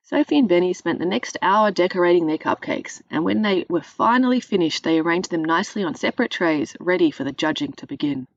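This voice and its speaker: Woman storyteller, lowish voice, measured reading, dry dull recording. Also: lively intonation, no room sound. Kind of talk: children's storybook narration.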